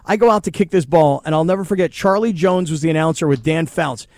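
A middle-aged man, a former kicker, telling stories on a sports radio show in a casual, animated way, acting out other people's voices. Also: a little high, fast, no room sound, clean studio sound. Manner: animated storyteller, acts out voices.

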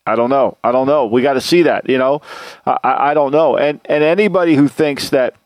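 A man's voice: mid-range voice, a little fast, no echo. A man hosting a sports podcast, talking football in a blunt, opinionated way with many restarts. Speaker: podcast host, football analyst. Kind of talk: casual sports talk.

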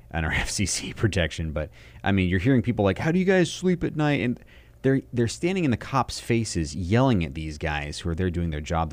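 A man's voice: low-pitched, no echo. A man giving indignant opinion commentary over a video, ranting with frequent fillers.

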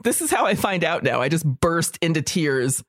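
A woman in her thirties co-hosting a podcast, telling stories in a casual, animated way and often breaking into laughter. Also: deep voice, normal speed, no room sound, clean studio sound. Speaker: podcast co-host. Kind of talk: casual chat.

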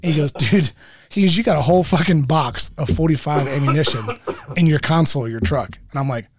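A man telling a long story in casual chat, profane and animated, acting out both sides of a dialogue. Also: on the high side, a little fast, a loud crowd. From United States.

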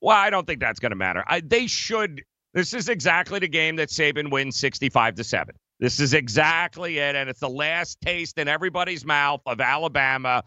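Brief: male sports talk host, bright forceful tone, dry close sound, argumentative. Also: on the high side, lively intonation, a little fast, no room sound, dull audio. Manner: emphatic, argumentative, many fillers. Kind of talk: casual sports betting debate.

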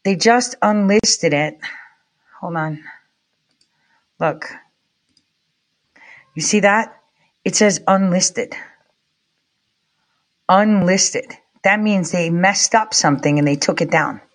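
A woman live-streaming casual commentary, excitable and rambling, with quick asides to her chat. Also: lowish voice. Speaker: livestreamer.

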